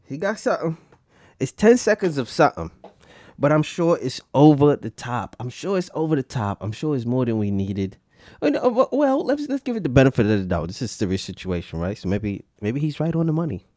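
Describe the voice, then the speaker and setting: A man hosts a casual podcast, his pitch swinging widely as he jokes and cracks up in slangy chat. His voice sits close and dry on the mic, with no room around it. He is mid-range in pitch and loose in delivery. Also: brisk, dry recording. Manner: laughing, slangy and animated while reacting to clips. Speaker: podcast host.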